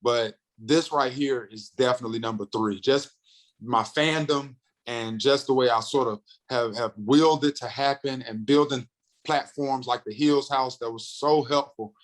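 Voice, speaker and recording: This is a lively, medium-pitched storyteller: a North Carolina comedian and radio host in his thirties appearing as a podcast guest. He speeds up in excited bursts and performs the voices of people in his anecdotes during the casual interview. The recording is rough.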